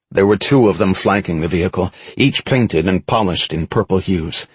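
A man narrating an action story in the first person as an audiobook, dramatic and expressive. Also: deep voice, normal speed, hardly any pauses, slightly rough, dry recording.

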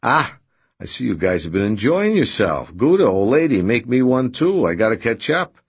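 A man voicing a brash, rough-talking man who speaks bluntly and loudly. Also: medium pitch, very animated, moderate pace, pitched above the performer's own voice. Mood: boisterous. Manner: loud, brusque, boisterous.

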